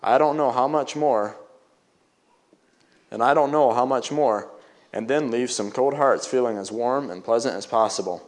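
A man voicing a kind grown-up cousin in a read-aloud story, speaking with quiet, gentle counsel. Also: mid-range voice, normal speed, natural voice. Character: kindly grown cousin, calm and wise.

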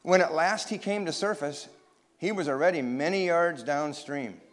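A man reading a children's story aloud, expressive and pausing to ask his listeners questions. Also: a little high.

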